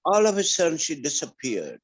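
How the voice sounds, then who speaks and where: A man in a class on a video call, telling a personal story in a halting way with restarts. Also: on the high side, wildly swooping pitch. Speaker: class participant.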